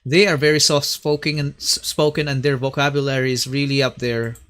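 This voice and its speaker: A man's voice: medium pitch, little pitch movement, a little fast, over music. A man hosting a late-night reaction livestream, chatting casually and mixing in Tagalog words. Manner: chatty, mixes in Tagalog phrases.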